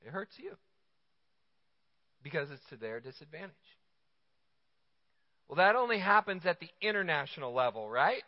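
A man's voice: on the high side, big pitch swings, moderate pace, long pauses. A man preaching a sermon as a pastor, conversational and joking, full of rhetorical questions. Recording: dull lo-fi sound with long hall reverb.

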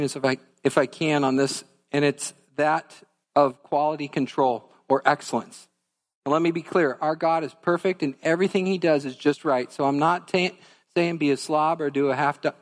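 A man's voice: on the high side, big-room sound. A man preaching a sermon as pastor, earnest and conversational, speaking directly to his congregation. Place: church sanctuary.

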